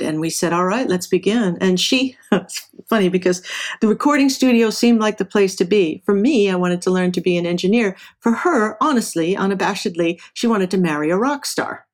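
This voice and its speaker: Middle-aged woman, lowish voice, chatty storyteller guest. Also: normal speed, darkish tone. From Southern California. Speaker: interview guest, engineer and professor. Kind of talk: casual storytelling.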